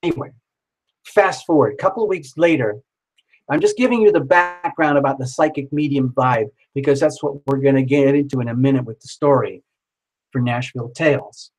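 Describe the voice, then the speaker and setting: A man telling a personal story in a casual, animated way, swearing freely and acting out the other people in it. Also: medium pitch, brisk, low-quality recording. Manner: animated, swears casually, acts out quoted voices.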